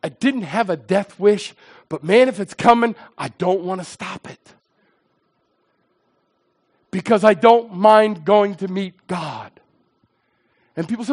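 A man's voice: high-pitched, measured pace, long pauses. A middle-aged man preaching his personal testimony, emphatic and repetitive as he tells his story.

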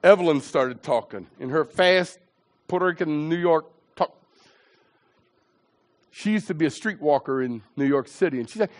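Animated high-voiced male preacher. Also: normal speed, long pauses. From southeastern Pennsylvania, US. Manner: animated, dramatic, swings from hushed to shouting. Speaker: evangelist preacher. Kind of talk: sermon testimony storytelling.

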